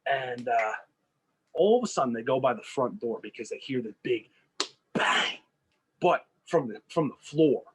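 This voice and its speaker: This co-host speaks unhurriedly in a mid-range voice with a breathy edge, casually telling an invented movie plot on a podcast. He acts out the characters' lines with animation, and the audio is poor.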